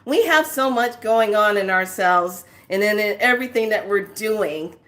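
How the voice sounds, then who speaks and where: A woman's voice: medium pitch, lively intonation, moderate pace, fairly bright tone. A woman hosting a casual spiritual talk, telling a family story animatedly and laughing often. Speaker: spiritual teacher and host.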